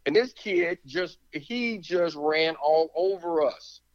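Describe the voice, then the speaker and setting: Emphatic former player, lo-fi sound. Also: male voice, on the high side, big pitch swings, takes it slowly, gravelly. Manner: emphatic, repeats words, talks himself out of breath. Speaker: former pro football player, analyst. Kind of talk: sports talk, animated argument.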